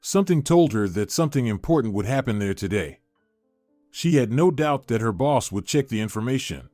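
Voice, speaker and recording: A man reading a dramatic story aloud in an even, measured storytelling manner. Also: medium pitch, no echo, faint music behind. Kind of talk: scripted story narration.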